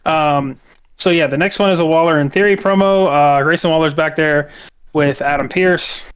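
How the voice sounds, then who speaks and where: A man's voice: fairly high pitch, fairly even intonation, normal speed, clean tone. Chatty young man recapping, filler-heavy. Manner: recaps at length with many fillers and acted-out quotes. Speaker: co-host. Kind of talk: casual podcast chat.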